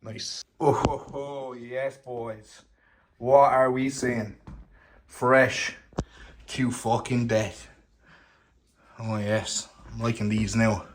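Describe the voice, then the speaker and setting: An Irish man in a casual fitness vlog, talking in an upbeat, chatty way and swearing now and then. His voice sits fairly low. A faint hiss of background noise runs behind him. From Ireland. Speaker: fitness coach and vlogger. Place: car, home and outdoors.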